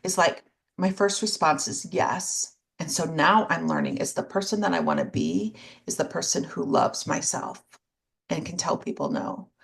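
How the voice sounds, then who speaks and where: A woman with a lowish, slightly gravelly voice that swings widely in pitch. She co-hosts a casual conversation and talks candidly, with self-deprecating humor and a dry, sarcastic edge. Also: expressive, moderate pace. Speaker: podcast co-host. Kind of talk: casual chat.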